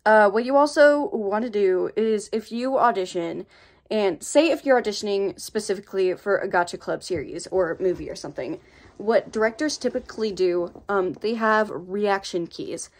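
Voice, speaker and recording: Woman, American accent, mid-pitched voice, casual tutorial vlog, chatty, rambling, playfully sassy. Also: moderate pace. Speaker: voice acting tutorial host. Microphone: own microphone.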